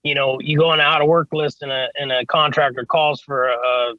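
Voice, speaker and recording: In a dry recording with the highs cut off, a male HVAC service tech guesting on a podcast speaks briskly at medium pitch with little pitch movement. He rambles through stories in a casual interview, swearing offhandedly and saying "you know what I mean" a lot.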